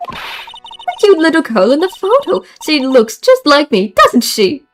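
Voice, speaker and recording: A woman's voice: high voice, wildly swooping pitch, unhurried, faint music behind, voice pushed up, exaggerated voice. Woman doing a vain, sing-song nun. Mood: preening.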